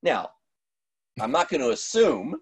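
A middle-aged man, a pastor, telling a story in conversation, animated, with many restarts and fillers. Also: medium pitch, measured pace, husky, no room sound.

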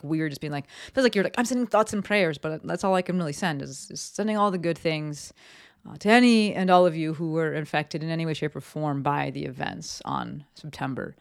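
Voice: medium pitch, clean tone. A podcast host from New Jersey talks through a casual solo business episode from a home office, chatty and candid, with lots of ums and likes. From East Coast US, New Jersey.

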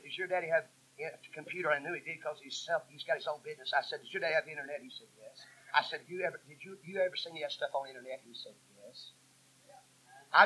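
A male preacher tells stories from the pulpit in a folksy, emphatic way. His voice sits high and very bright, with a husky grain to it. He pushes hard on key lines and sometimes drops to a near hush. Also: poor audio. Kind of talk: sermon storytelling.

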